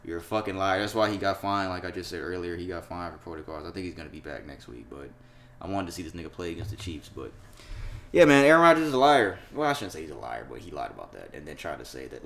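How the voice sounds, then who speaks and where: A man co-hosting a podcast, talking in loose, profane banter and laughing as he goes. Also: fast. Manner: animated, laughing, profane banter with sudden jumps in pitch and volume. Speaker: podcast co-host. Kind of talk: casual chat.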